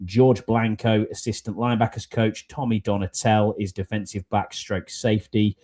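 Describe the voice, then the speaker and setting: A man's voice: lowish voice, flat delivery, normal speed, darkish tone. A man hosting a podcast in casual, rambling chat, with many fillers. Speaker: podcast host.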